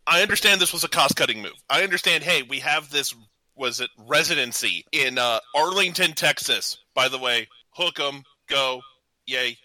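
A man's voice: medium pitch, expressive, normal speed, bright, forceful tone, low-quality recording. A man co-hosting a casual wrestling talk show, rambling and self-deprecating. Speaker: co-host, the intern.

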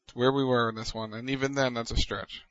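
A man's voice: mid-range voice, level tone, quick pace, fairly bright tone, no echo, lo-fi sound. A man hosting a casual wrestling recap, leading the talk in a dry manner. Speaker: podcast host.

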